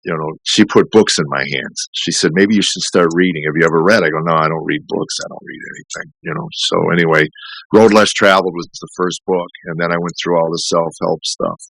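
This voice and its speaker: A middle-aged man with a very low voice tells a long, candid story in a podcast conversation. He rambles, restarts sentences and acts out the voices of others. The sound is dry and close, with no room echo. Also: brisk, a bit bright. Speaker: comedian guest.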